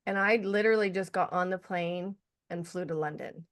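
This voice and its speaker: A woman hosting a podcast, telling stories in an enthusiastic, animated way. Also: lowish voice, moderate pace. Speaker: podcast host. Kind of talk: casual interview talk.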